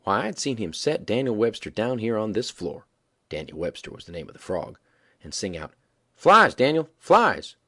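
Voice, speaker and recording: A man reading a story aloud as a folksy, animated yarn-spinning narrator with a husky voice. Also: lowish voice, fairly quick. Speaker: audiobook reader.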